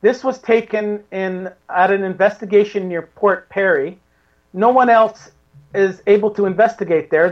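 A woman's voice: on the low side, highs cut off. A woman who investigates the paranormal, a guest in a casual interview, rambling with many restarts.

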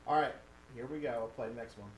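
A man's voice: medium pitch, quick pace. A man hosting a casual chat, easygoing and chatty, who asks questions and plays clips for his guest. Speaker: host. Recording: roomy with faint background noise.

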